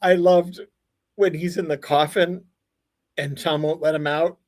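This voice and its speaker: A man's voice: fairly high pitch, a little slow. A man guesting as an entertainment expert on a video call, talking casually with lots of laughter and swearing. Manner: animated, laughs a lot, swears freely. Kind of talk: casual chat.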